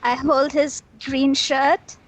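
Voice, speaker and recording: A woman's voice: sits high, little pitch movement, takes it slowly. A woman playing a tabletop wrestling game, giggly and hesitant, often stumbling over her words. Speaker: player. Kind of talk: casual tabletop play.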